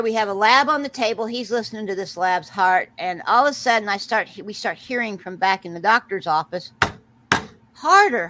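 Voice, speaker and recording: A middle-aged woman hosting a casual chat, telling a story with lively acted-out quotes and frequent laughter. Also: medium pitch, low-quality recording. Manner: animated storyteller, acts out quotes, laughs often. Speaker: host.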